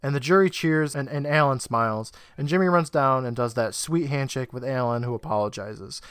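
A man co-hosting a casual podcast, walking through a TV episode scene by scene. His delivery is easygoing and amused, at an ordinary pitch. The recording is dry and close. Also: fairly quick, fairly bright tone, smooth, no echo. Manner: laid-back storytelling, laughs often. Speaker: podcast co-host.

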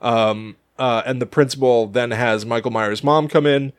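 A man co-hosting a podcast, chatting casually about a horror film with sarcastic, deadpan humor. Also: medium pitch, normal speed, clean tone, no room sound, studio quality. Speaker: podcast co-host. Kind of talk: casual film review chat.

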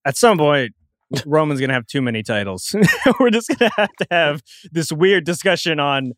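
Slightly high-voiced man host, dry sound. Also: sing-song, moderate pace, fairly bright tone, no echo. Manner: rambling with frequent restarts and chuckles. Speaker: show host. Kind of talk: casual wrestling talk chat.

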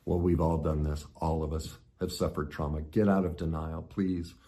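A middle-aged man telling a personal story in a motivational talk, swinging between loud intensity and hushed reflection. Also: a bass voice, level tone, moderate pace. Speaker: motivational speaker.

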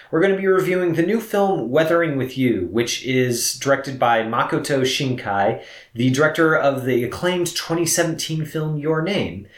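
A man co-hosting a film review podcast, explaining in a measured way with some gentle teasing. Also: mid-range voice. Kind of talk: conversational podcast talk. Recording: roomy echo.

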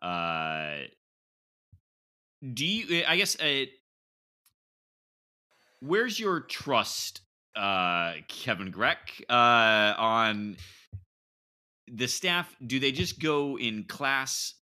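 A man's voice: medium pitch, very animated, very slow, pauses often, sharp tone, smooth. A man hosting a casual sports podcast, bantering loosely and laughing through his lines. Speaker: podcast host.

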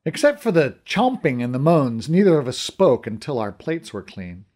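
Expressive male narrator. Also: medium pitch, moderate pace. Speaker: audiobook narrator. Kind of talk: scripted first-person narration.

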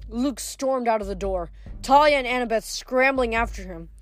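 Brisk woman reading a novel aloud. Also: fairly high pitch. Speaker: reader.

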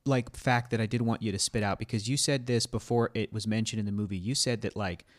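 A man's voice: lowish voice, steady tone, quick pace. A man hosting a casual podcast chat, prompting others with questions and frequent "like"s. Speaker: podcast host.

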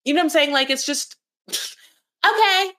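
A woman's voice: sits high, little pitch movement, fast, bright, forceful tone. A woman in her forties co-hosting a podcast, chatting loosely in a rambling way about a reality show and acting out quoted voices. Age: 40s. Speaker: podcast co-host. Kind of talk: casual chat recapping reality TV.

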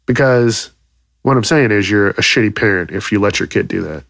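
A man hosting a podcast, delivering a profane comedic rant with loud, exaggerated outrage and plenty of swearing. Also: on the low side, fairly quick, vocal fry, no room sound, clean studio sound. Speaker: podcast host.

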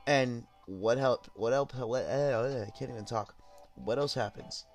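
A young man from Southern California telling a casual story, loose and rambling, with plenty of swearing. He sounds high and unhurried, with soft music faintly under his voice. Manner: rambling, profane, laid-back. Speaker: podcast host.

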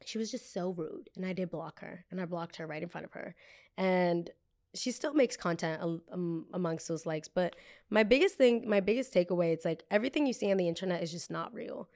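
A blunt, animated young woman from New Jersey hosting a casual storytime podcast. She swears freely and acts out what other people said. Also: on the low side, brisk. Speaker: podcast host.

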